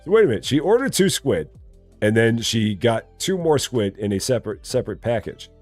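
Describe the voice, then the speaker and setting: Over faint background music, a man talks at a normal pace while live streaming a store simulator game. His chat is casual, jokey and rambling, full of laughter and lively shifts in pitch.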